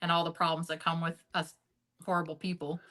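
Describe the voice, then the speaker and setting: A woman guest tells her story in a frank, heavily profane way, peppering her sentences with filler words. Her voice is bright and forceful, and it jumps high when she gets worked up before dropping to low, quiet asides. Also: brisk, poor audio. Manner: animated, jumps up and drops low in pitch and loudness. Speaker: interview guest. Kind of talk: candid storytelling in a sit-down interview.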